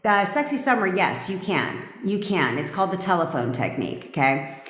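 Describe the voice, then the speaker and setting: A woman's voice: lowish voice, big pitch swings, moderate pace, a bit bright, a little hiss or hum. A woman manifestation coach talking to her live stream audience, blunt and emphatic, swearing freely. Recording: echoey room with long reverb.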